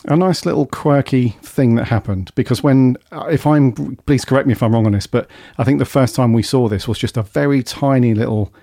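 Male podcast host, mellow and warm tone, dry close sound, breezy chatty delivery. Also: mid-range voice, brisk, vocal fry, hardly any pauses, no echo. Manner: chatty, upbeat British slang. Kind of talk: casual podcast chat.

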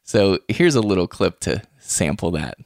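A man's voice: low-pitched, sing-song, normal speed, vocal fry, a little mellow, no echo. A man hosting a podcast in casual chat, chatty and laughing often. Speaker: podcast host. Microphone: podcast microphone.

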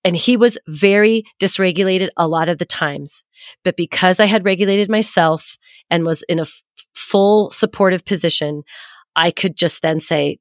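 On her parenting podcast, a woman in her forties shares a personal story with candor and reflection, voicing the people she quotes. She speaks at a moderate pace in a lowish voice, with clean studio sound and no echo.

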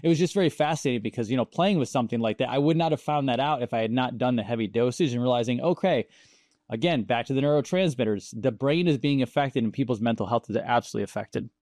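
A man hosting a conversation, telling stories in a casual, animated way and acting out the quoted voices. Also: mid-range voice, fast, dry recording, studio quality. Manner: animated, acts out quoted dialogue, laughs often. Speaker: show host.

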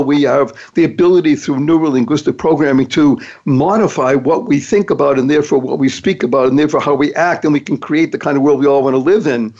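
Male podcast host, emphatic and upbeat, slightly high pitch, dull lo-fi audio. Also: darkish tone. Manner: upbeat, emphatic, playful acronyms. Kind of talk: motivational talk.

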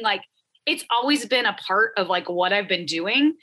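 A woman's voice: a little high, normal speed, pushed and bright. A woman talking about her work as a productivity coach in a casual podcast interview, with lots of filler words. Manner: chatty, frequent "like" fillers.

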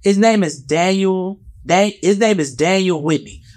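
Brief: male vlog commentator, slightly high voice, heated and profane, rambles with lots of fillers. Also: a little slow, a little mellow, no room sound, clean studio sound. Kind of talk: casual commentary rant.

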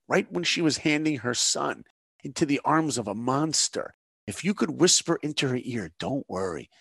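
A man's voice: medium pitch, gravelly, breathy edge, no echo. A man voicing an older male rabbi, speaking solemnly and earnestly.

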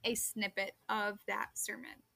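A woman's voice: mid-range voice, flat delivery, unhurried, vocal fry, sharp tone, no echo. A woman co-hosting a women's Bible podcast in casual chat, laughing easily and rattling off scripture references. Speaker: podcast co-host.

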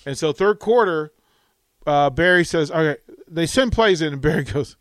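Male sports radio host, middle-aged, animated storyteller, slightly high voice, dry studio sound. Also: normal speed, smooth, dry recording. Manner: animated storytelling, acts out quotes.

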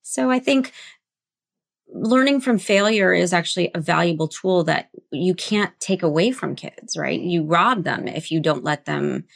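A woman guest author in a relaxed interview, telling anecdotes in an animated, conversational way. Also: fairly low pitch, unhurried, gravelly. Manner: animated, tells anecdotes with tag questions. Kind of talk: conversational storytelling.

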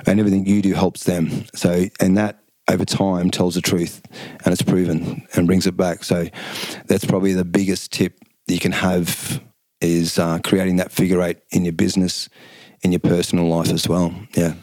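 A man's voice: deep voice, moderate pace, no room sound. An Australian man in his fifties, a former fighter, talking casually and at length as an interview guest, acting out quotes as he tells stories. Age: 50s. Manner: rambling, animated storyteller who acts out quotes. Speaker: guest, former kickboxing champion.

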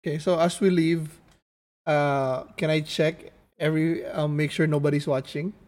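A man playing a tabletop game, eager and animated as he describes his moves. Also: on the high side, normal speed. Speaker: player.

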